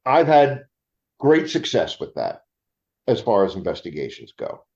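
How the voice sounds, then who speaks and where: A man talking as a guest in a casual interview, animated and joking, with many restarts. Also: fairly low pitch, measured pace, gravelly. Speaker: paranormal investigator guest. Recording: roomy, dull lo-fi sound.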